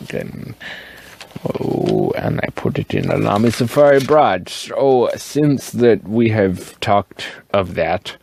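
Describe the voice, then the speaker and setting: A tipsy man rambling casually in a show-and-tell vlog, swearing and wandering up and down in pitch. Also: gravelly, a little mellow. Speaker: fountain pen vlogger.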